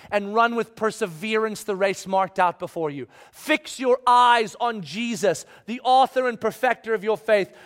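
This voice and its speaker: A pastor with a high-pitched voice preaches a sermon, acting out voices from the Bible. He swings between loud pleas and hushed lines that are close to whispers.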